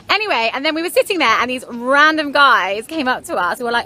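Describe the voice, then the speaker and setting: Bright-voiced chatty woman. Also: on the high side, expressive, quick pace, few pauses. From London. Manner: chatty, rambling, lots of "anyway" and "like"; frank, wry asides. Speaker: vlogger. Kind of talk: casual storytelling to camera.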